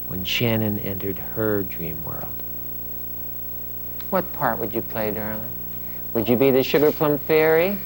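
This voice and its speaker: A man giving a calm, reflective voice-over narration about photographing children. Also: medium pitch, a little hiss or hum, rough recording. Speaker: photographer narrating his method.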